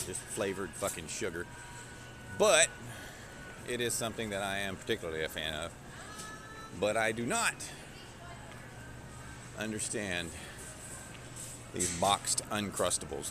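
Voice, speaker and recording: Low-voiced rambling man. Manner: rambling, profane, jokey. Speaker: live streamer. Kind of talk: casual live-stream chat. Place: shop aisles indoors. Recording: noisy shop background.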